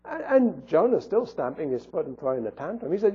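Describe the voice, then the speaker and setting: Husky high-voiced male preacher, tinny sound. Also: sing-song, a little fast, few pauses. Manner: earnest preaching with rhetorical questions. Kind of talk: sermon. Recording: tinny phone-like audio.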